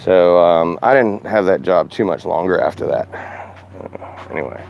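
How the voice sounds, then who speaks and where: Deep-voiced man telling rambling stories. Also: lively intonation, unhurried, vocal fry, muffled recording, a little hiss or hum. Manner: rambling, self-correcting, laughs at own stories. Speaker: former radio host. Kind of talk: casual storytelling monologue.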